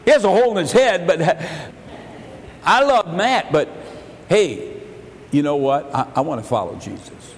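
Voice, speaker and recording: A male pastor preaching a sermon. He stumbles over repeated words and swings between loud and soft. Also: a little high, sing-song, a little slow, pauses often, big-room sound, slight background noise. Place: church sanctuary.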